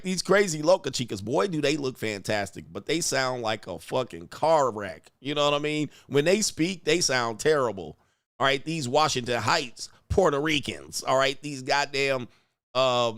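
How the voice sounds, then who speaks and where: A man hosting reaction commentary in a crude, mocking way. His pitch swings widely as he riffs, and the sound is close and dry, with no room at all. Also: no room sound. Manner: profane, mocking, animated. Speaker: host.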